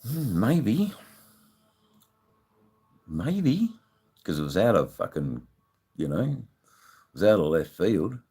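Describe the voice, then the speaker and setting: A man with a very deep, husky voice and an Australian accent hosts a casual live stream and talks straight to his viewers. He rambles, swears freely and fills his talk with "you know". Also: sing-song, normal speed, pauses often, darkish tone.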